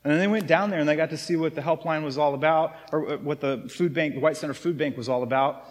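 Chatty pastor preaching in a reverberant hall. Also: male voice, on the high side, quick pace. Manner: conversational, chatty, asks the congregation "right?". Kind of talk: sermon. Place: church sanctuary.

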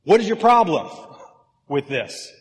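A man's voice: high voice, measured pace, in a large hall, voice pushed up. A man voicing an exasperated, defiant formerly blind man, retorting mockingly in a sermon.

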